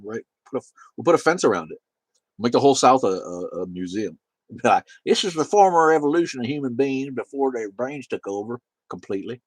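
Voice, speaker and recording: A man's voice: on the low side, no echo. A man hosting a livestream, rambling and swearing as he reads chat comments and laughs along. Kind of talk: casual profane livestream chat.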